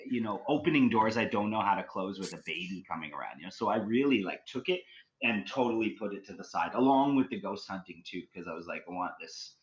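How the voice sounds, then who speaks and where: Deep-voiced man telling a story. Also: expressive, quick pace, dull audio. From Canada. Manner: rambling, with many "like" and "you know" fillers. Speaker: podcast guest, actor. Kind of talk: casual storytelling.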